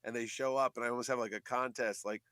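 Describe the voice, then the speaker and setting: A man's voice: mid-range voice, fast talker, smooth, no echo. Chatty man telling convention stories. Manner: chatty storyteller, animated quoting of others. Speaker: comic convention organizer, guest. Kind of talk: casual radio interview chat.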